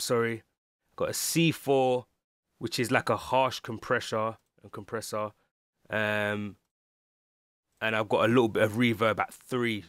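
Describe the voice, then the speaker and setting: A man's voice: fairly low pitch, a bit bright, no room sound, studio quality. A man with a London English accent, a music producer talking through a casual tutorial, rambling with lots of ums and restarts. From England.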